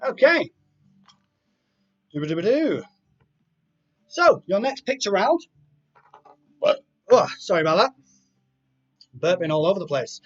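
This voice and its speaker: A man with a high voice hosts a live online quiz, reading each multiple-choice option aloud and dropping chatty asides between questions. The sound is dull and lo-fi, with faint music playing underneath. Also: big pitch swings, normal speed. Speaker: quiz host.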